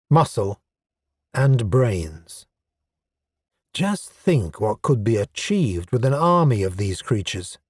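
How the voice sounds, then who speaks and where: Slow, wry male audiobook narrator. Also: medium pitch, darkish tone, dry recording, clean studio sound. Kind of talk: scripted narration.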